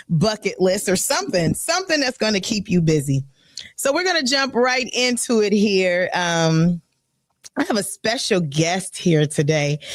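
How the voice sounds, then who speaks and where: A woman's voice: mid-range voice, no echo, studio quality. A woman hosting a live radio talk show, chatty and playful, with a bubbly, upbeat way of talking. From Chicago. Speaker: radio host.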